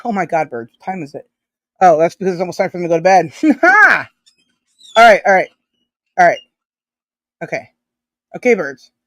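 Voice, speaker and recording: A woman hosting a live stream, reading chat aloud in a loose, rambling way. Her pitch swoops up and down constantly, and she swears freely and giggles often. The sound is dry and close. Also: very animated, moderate pace, pauses often, fairly bright tone, dry recording.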